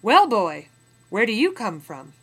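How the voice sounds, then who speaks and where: A woman voicing a gruff male slave trader who bellows coarse questions in a read-aloud memoir. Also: medium pitch, huge pitch swings, measured pace, fairly bright tone, pitched above the performer's own voice, heavily acted. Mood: astonished.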